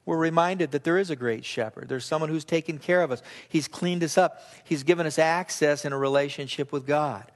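A man preaching a sermon as pastor, earnest and emphatic, repeating key phrases and slowing down to read scripture aloud. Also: fairly high pitch.

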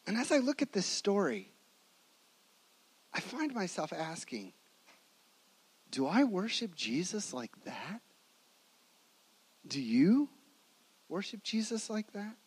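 A man preaching a sermon, telling the story dramatically and swinging between emphatic lines and hushed ones. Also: sits high, poor audio.

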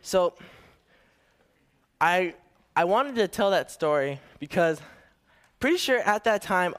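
A young man with a fairly high voice preaching his first sermon. He tells a family story casually and a bit nervously, restarting his sentences.

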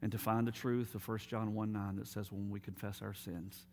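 A man preaching a sermon as pastor, telling stories and dropping to quiet, emphatic appeals. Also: on the low side, level tone, moderate pace, a little hiss or hum.

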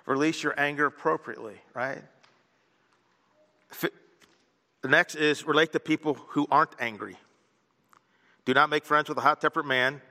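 Bright-voiced pastor preaching in a hall. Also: male voice, on the high side. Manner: conversational, joking asides. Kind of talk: sermon.

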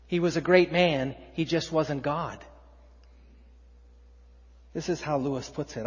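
A man preaching a sermon, reading scripture aloud with rising force and dropping to quiet emphasis. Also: a little high, breathy edge. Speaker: pastor. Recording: dull, muffled sound in a long-reverb hall.

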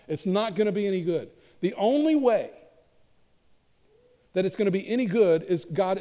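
Warm-voiced pastor preaching in a reverberant church. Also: male voice, high-pitched. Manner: conversational and self-deprecating, often repeats words. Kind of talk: sermon. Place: church sanctuary.

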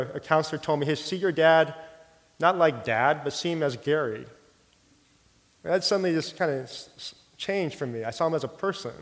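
A middle-aged man preaching a sermon, telling a personal story in an earnest, heartfelt way and sometimes dropping his voice soft. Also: medium pitch. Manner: earnest storytelling, drops soft for quoted prayer. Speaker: pastor. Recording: long hall reverb.

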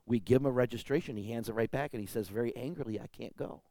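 A man preaching a sermon with stories, lively and conversational, often checking in with "right?" and "you know?". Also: racing, no room sound. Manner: lively, swings pitch and loudness for emphasis. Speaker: pastor. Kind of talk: sermon with storytelling.

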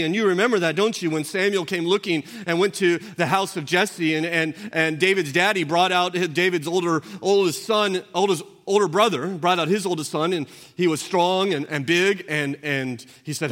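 A pastor preaching a sermon in an earnest manner, now and then acting out quoted speech. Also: male voice, a little high, brisk, few pauses, a bit bright. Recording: long hall reverb.

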